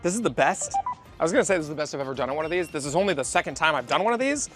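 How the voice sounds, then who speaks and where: A man vlogging to a handheld camera, thinking out loud and exclaiming as he plays a travel hide-and-seek game. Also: on the high side, lively intonation, rapid-fire, soft background music. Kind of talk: excited vlog narration to camera. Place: outdoors on a rainy city street.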